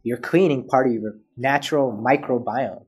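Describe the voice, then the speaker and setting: A man's voice: medium pitch, moderate pace, a little mellow, husky. A man as a podcast guest, telling a personal story in casual chat and acting out both sides of past conversations.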